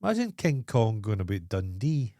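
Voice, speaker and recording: Low, mellow man, crude and blunt. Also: very animated, moderate pace, dry recording, studio quality. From Scotland. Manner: crude, blunt, jumps in with film references. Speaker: podcast co-host. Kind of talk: casual comedic chat.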